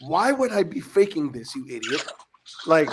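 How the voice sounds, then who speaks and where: A man hosting a podcast in casual, profane chat, laughing a lot, his voice still getting over hoarseness. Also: fairly high pitch, sing-song, moderate pace. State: voice recovering from hoarseness. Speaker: podcast host.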